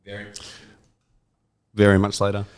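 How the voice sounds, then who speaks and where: A man's voice: on the low side, monotone, moderate pace, smooth. A man chiming in on a podcast with brief, dry remarks. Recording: distant mic with long reverb.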